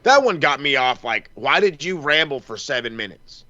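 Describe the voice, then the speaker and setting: Co-hosting a casual wrestling podcast, a man rambles and curses while telling animated stories, acting out quoted lines and asides. His mid-range voice runs at normal speed, and the recording is muffled with no room sound.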